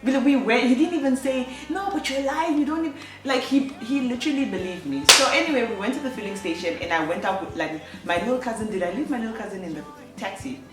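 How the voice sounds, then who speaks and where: A woman's voice: fairly high pitch, lively intonation, quick pace, far from the mic. A young woman telling a personal story on her vlog, chatty, with lots of fillers and self-corrections. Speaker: vlogger. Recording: echoey room, voice off-mic, faint music.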